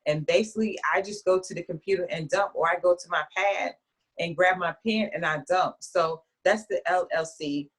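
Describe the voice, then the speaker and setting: A woman author in an interview, telling her story in a chatty, lively way with frequent restarts. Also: lowish voice, normal speed.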